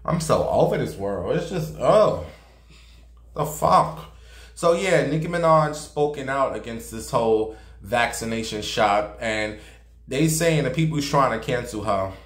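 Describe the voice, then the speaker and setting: A man's voice: mid-range voice, expressive, measured pace. A man giving sassy, profane gossip commentary and dramatic storytelling as a vlogger. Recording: roomy echo.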